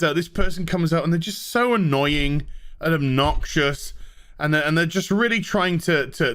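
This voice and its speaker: Sarcastic, lively ranting man. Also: fairly high pitch. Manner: sarcastic, dismissive, animated. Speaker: show reviewer. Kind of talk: ranting TV review.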